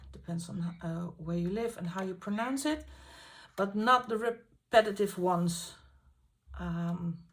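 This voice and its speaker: Slow, gravelly-voiced woman host. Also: mid-range voice, a little hiss or hum. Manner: enthusiastic, halting with frequent fillers. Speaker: colouring channel host. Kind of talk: casual book flip-through.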